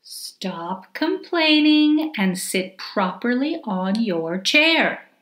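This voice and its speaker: A woman voicing a busy, impatient mother in a storybook, brisk and scolding. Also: fairly high pitch, big pitch swings, fairly bright tone, reverberant, exaggerated voice. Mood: hurried. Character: busy, impatient mother hurrying her child.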